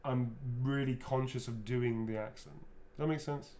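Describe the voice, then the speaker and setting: Amid a loud crowd, a man who does voice acting chats casually with fans as he signs, rambling and self-correcting with frequent restarts. His mid-range voice stays steady at a normal speed.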